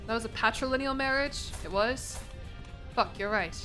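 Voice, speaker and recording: Young woman, streamer, profane, self-mocking, bright sharp tone, faint game music. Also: fairly high pitch, moderate pace. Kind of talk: casual gameplay commentary.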